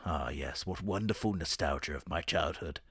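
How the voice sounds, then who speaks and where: A man voicing a smug, gloating male communist sleeper agent in a low, hushed tone. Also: moderate pace, husky, dry recording, studio quality, heavily acted.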